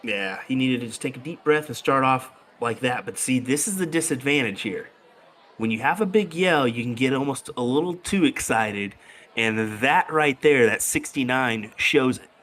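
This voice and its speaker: A man's voice: medium pitch, normal speed. A man calls a darts match in a loose, talkative way. He keeps it casual and jokes with his co-hosts. His voice sits in the middle range for a man. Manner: relaxed, chatty, laughs easily. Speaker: darts commentator. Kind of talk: live sports commentary.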